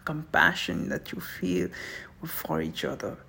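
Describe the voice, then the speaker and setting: A man giving an intense, emotional monologue on love, swearing and swinging between hushed passages and shouting. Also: fairly high pitch, very animated, unhurried, gravelly, slight background noise. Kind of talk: impassioned spoken monologue.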